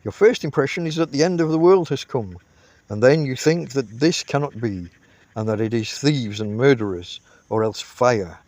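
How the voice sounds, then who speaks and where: A man reading a classic comic novel aloud, telling the story in an unhurried, expressive way. His voice sits at an ordinary middle pitch, and the recording is dry and close with no room echo. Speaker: audiobook reader.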